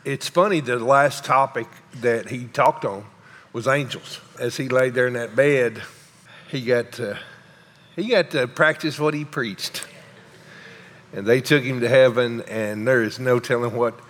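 A man, a pastor speaking haltingly and emotionally to his congregation, often pausing and sighing. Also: mid-range voice, a bit bright. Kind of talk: emotional sermon announcements. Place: large church sanctuary. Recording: long hall reverb.

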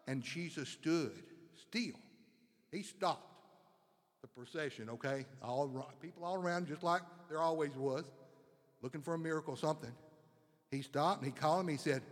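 A man's voice: a little high, animated, normal speed, long reverb tail. A man preaching a sermon with fervent, repetitive emphasis, building phrases up again and again.

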